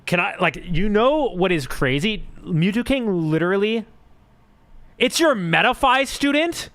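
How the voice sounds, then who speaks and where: Young male streamer, casual live chat, rambling storyteller, high and lively delivery. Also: a little slow. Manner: rambling, filler-heavy storytelling with swearing.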